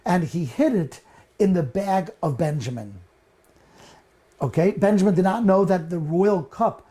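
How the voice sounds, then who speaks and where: A man's voice: high-pitched, dark tone. A rabbi retelling a Bible story in a casual, chatty way, speaking straight to his listeners, often restarting his sentences. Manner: casual, talks to listeners directly, frequent restarts. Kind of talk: storytelling lesson.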